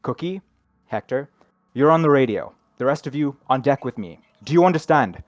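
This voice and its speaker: A man's voice: mid-range voice, expressive, normal speed, a little mellow, no room sound, close to an everyday voice. A man voicing a furious ship captain who roars and barks orders at his crew in a storm. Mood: angry shouting. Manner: barking orders, gruff. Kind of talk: tabletop game character voice.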